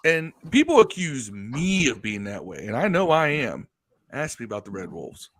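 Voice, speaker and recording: A man co-hosting a podcast, talking sports in an animated, storytelling way with casual swearing. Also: medium pitch, normal speed. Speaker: podcast co-host. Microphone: live stream podcast mic.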